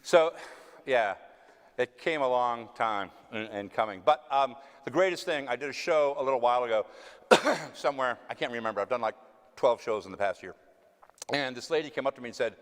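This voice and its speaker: A man from West Texas with a Texan accent speaks in an expressive, medium-pitched voice that's fairly quick and fairly bright. He's an actor on a theater stage answering audience questions in a casual storytelling Q&A, self-mocking and acting out the voices he quotes. Long hall reverb fills the recording.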